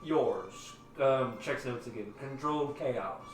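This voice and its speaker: A game master voicing a greedy, smug company boss in a tabletop game, with a put-on drawl and a folksy, bossy, teasing manner. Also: male voice, medium pitch, slow pace, natural voice. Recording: roomy and distant, music behind.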